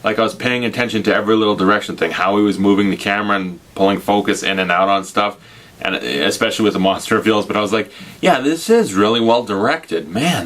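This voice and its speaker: A man's voice: on the low side, a bit bright. A man giving a casual, rambling spoiler review of a movie, enthusiastic and gushing, with frequent restarts. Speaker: film reviewer.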